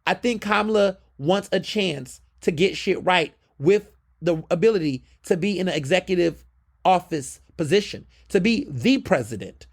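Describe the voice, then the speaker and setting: A man's voice: high-pitched, moderate pace. A man hosting a podcast, delivering a fiery, profane political monologue. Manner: fiery, profane, lively and emphatic. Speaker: podcast host.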